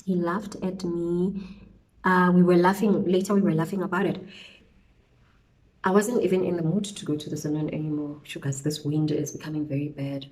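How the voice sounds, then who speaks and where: A young woman from South Africa, a beauty vlogger chatting through a storytime while she does her makeup, animated and peppered with slang interjections. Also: on the low side, normal speed, rough recording. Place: indoors at home, windy outside.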